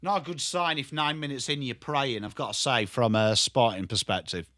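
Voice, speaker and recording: A man's voice: mid-range voice, moderate pace, no room sound, clean studio sound. Sweary Yorkshire man reacting to football. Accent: Yorkshire English. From Yorkshire, England. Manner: excitable, sweary banter addressed to chat viewers. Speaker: watchalong streamer. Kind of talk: live football watchalong commentary.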